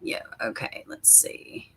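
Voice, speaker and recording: A woman hosting a casual livestream, chatting straight to her viewers and reading their comments aloud, with soft asides under her breath. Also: takes it slowly. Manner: frequent soft asides while fiddling with links. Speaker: livestream host.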